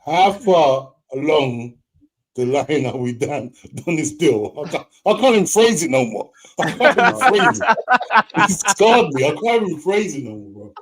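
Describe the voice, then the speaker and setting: Animated laughing bloke. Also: male voice, a little high, moderate pace, poor audio. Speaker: podcast co-host. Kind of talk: casual football banter.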